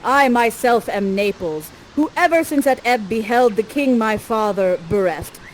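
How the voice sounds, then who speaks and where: Earnest and unhurried, this is a woman reading as a young prince smitten at first sight, lingering over each line of the old verse. The voice stays close to a natural woman's register and is only lightly dressed up for the part. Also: fairly high pitch, expressive, a little hiss or hum, lightly acted, low-quality recording. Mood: flustered. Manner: earnest, slow and reverent. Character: young lovestruck prince, overwhelmed.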